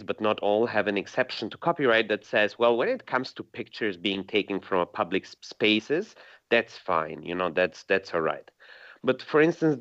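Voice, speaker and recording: Low-voiced male expert on a dull phone line. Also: a bit bright. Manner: measured, explanatory. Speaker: guest expert on internet regulation. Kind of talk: explanatory interview answer.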